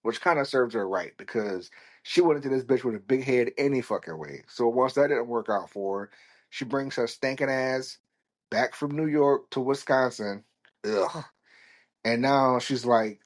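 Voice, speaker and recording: A man's voice: mid-range voice, normal speed. A man hosting a solo podcast, talking casually in a rambling, blunt and foul-mouthed way. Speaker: podcast host.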